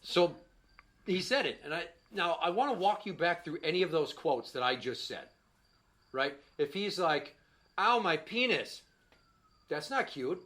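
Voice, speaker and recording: Brash, bright-voiced man doing stand-up. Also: on the high side, expressive, normal speed. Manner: profane, exasperated storytelling, voices his young son. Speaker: stand-up comedian. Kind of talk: stand-up comedy set. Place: small comedy stage before a live audience. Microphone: handheld microphone.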